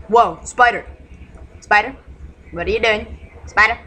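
A woman giving casual gameplay commentary at home, excitable and jittery, yelling insults at game monsters. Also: medium pitch, measured pace, pauses often, rough recording. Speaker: gaming channel host.

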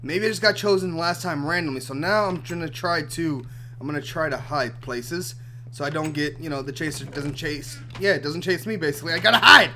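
A young man hosting a gaming channel, giving excited commentary over his play, swinging between loud outbursts and quiet mumbled asides. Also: a little high, a little fast.

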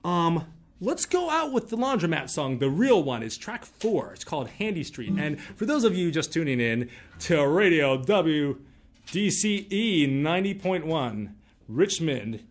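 A man's voice: on the high side, very animated, unhurried. A man, a singer-songwriter guest on a radio show, chatting casually and joking as he plugs his music in a studio. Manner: jokey, upbeat and self-promoting. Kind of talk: casual radio interview chat.

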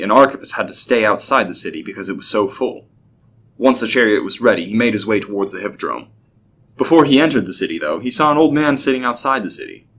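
A man narrating a scripted story in a steady, even way. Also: fairly low pitch, slight background noise.

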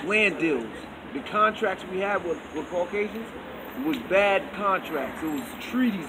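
A man rambling in a loose, repetitive street monologue while high, outdoors on a city street, recorded on a handheld phone. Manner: loose, repetitive, swings loud and soft. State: high on marijuana. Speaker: street vlogger. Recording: loud street and wind noise.

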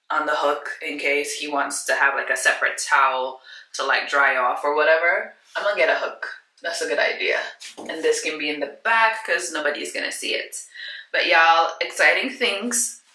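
Bright, chatty woman vlogging at home. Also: deep voice, normal speed, roomy sound, low-quality recording. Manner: chatty and effusive, talks straight to viewers. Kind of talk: casual home vlog chat. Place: room at home.

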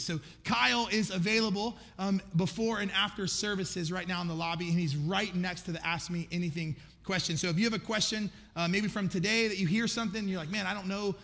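A man's voice: sits high, vocal fry, a bit bright. A middle-aged man preaching a sermon as pastor, talking conversationally and acting out his own distracted prayers with self-deprecating humor. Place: large church auditorium. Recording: echoey church hall reverb.

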